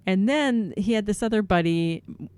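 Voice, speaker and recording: A woman, a mother co-hosting a podcast with her son, telling funny family stories in casual chat and acting out her own past shouts. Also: medium pitch, expressive, normal speed, clear, resonant tone.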